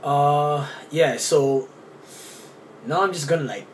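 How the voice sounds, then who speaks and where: A man's voice: on the high side, slow. A young man chatting casually in a vlog, full of fillers and restarts as he talks into a handheld camera. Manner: rambling, with many fillers and restarts. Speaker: vlogger, dancer. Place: hotel room, then a cold street at night. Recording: camera audio with clear background noise.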